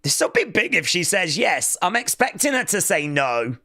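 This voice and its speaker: A man streaming a wrestling watch-along, giving excitable live reaction commentary and talking back at the screen. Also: high voice, moderate pace.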